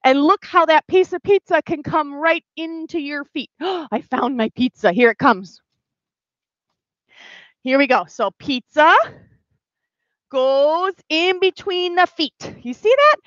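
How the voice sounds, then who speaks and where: Bubbly high-voiced woman teaching kids ballet. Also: takes it slowly, long pauses, dry recording, lo-fi sound. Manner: sing-song, animated, talking to small children. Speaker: children's dance teacher. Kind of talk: pre-recorded kids' ballet class.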